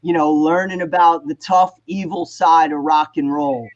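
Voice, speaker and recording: Guy in his 50s, high voice, swears a lot, acts out the quotes, muffled call audio. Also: moderate pace. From New Jersey. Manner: animated, profane storyteller, acts out quotes. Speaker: guest musician. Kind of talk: casual storytelling on a video call panel.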